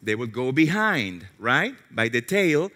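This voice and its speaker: Animated preacher man in a reverberant hall. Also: a little slow. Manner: animated storytelling, self-mocking humor, drops to a hushed low voice for quoted words. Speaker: pastor. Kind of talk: sermon. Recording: long reverb of a large hall.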